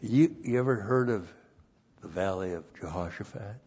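A man's voice: on the low side, normal speed, a little mellow, slightly rough. A man preaching a sermon with Bible teaching, repeating phrases for emphasis and spelling out words letter by letter. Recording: dull lo-fi recording.

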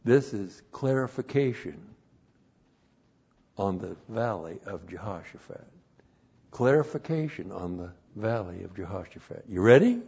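Slow, husky preacher man. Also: fairly low pitch, animated, mellow. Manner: repetitive, emphatic, spells out words letter by letter. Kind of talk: sermon with Bible teaching. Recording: dull lo-fi recording.

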